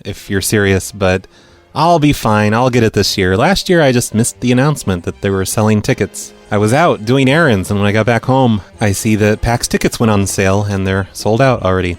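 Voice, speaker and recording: A man's voice: lowish voice, fairly quick, faint music behind. A man hosting a prank call show, chatting casually with rambling, self-deprecating remarks and dry asides. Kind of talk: casual radio-style chat.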